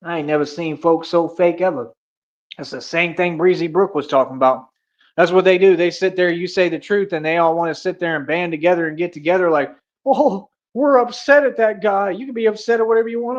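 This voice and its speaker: A young man from the States rants straight at his viewers, cocky and combative, full of street slang. His voice sits high for a man. The stream audio is a bit dull and muffled. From United States. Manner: boastful, confrontational street slang. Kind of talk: casual rant to camera.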